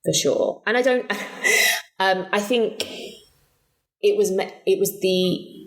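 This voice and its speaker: A woman's voice: medium pitch, takes it slowly, rough recording. A woman co-hosting a podcast, chatting casually about a film, hesitant with frequent fillers and restarts. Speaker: podcast co-host. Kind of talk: casual chat.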